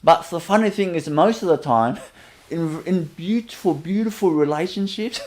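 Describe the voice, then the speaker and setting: A man giving a spiritual teacher's webinar talk, gently, chuckling often and repeating his phrases. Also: fairly high pitch, moderate pace, few pauses.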